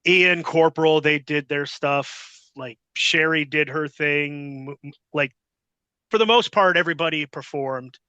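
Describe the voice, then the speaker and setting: A man's voice: on the high side, unhurried, bright, forceful tone, clean tone, dry recording, lo-fi sound. A middle-aged man telling a long casual anecdote as a podcast guest, rambling with many fillers and acting out what others said. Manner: rambling, filler-heavy, acts out quotes.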